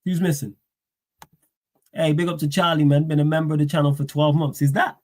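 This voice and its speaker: A man's voice: fairly high pitch, fairly quick. Slangy man ranting on a stream. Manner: animated, slangy, fires rhetorical questions. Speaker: livestream football pundit. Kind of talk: casual live-stream rant.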